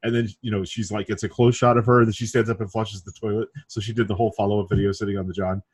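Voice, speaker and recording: A man co-hosting a casual online chat, a relaxed and joking storyteller. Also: fairly low pitch, racing, a little hiss or hum.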